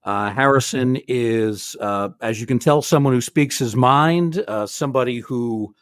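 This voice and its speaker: A man hosting a podcast, wrapping up the episode in an even, measured way with many small pauses. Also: mid-range voice, clean tone, no echo, studio quality. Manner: measured, with frequent uh fillers. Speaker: podcast host. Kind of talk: podcast sign-off.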